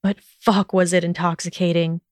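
A woman narrating a fan fiction story in a steady, even storytelling manner. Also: fairly low pitch, normal speed, no echo, clean studio sound.

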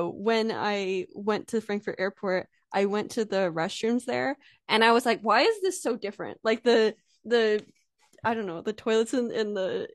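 A woman's voice: on the high side, no room sound, studio quality. An American woman hosting a casual interview, chatty and giggly with lots of filler words. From United States. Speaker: podcast host.

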